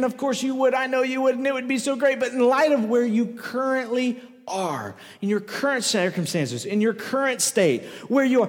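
A male pastor with a high-pitched voice preaches a sermon full of emphatic repetition, returning over and over to the same rhetorical question. The sound fills a large church hall, trailing a long, lingering reverb.

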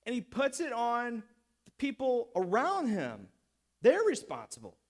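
A man preaching a sermon in an easy, conversational way, circling back over his own phrases to drive a point home. His voice sits high and swoops widely as he talks. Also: unhurried. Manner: conversational, animated, repeats phrases for emphasis. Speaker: pastor.

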